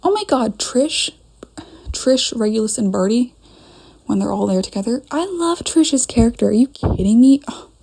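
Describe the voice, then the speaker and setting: A woman's voice: fairly high pitch, normal speed, creaky, warm tone, slightly rough. A young woman rambling casually to a camera in a dim room at home, scattered and talking to herself as she goes. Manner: chatty, scattered, talks to herself. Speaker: fan fiction vlogger.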